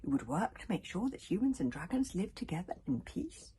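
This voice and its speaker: A woman voicing an ancient, weary male dragon in a slow, hissing whisper while reading a story aloud. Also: on the low side, sing-song, dark tone, breathy edge, pitched above the performer's own voice, full character voice. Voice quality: barely-there hissing whisper.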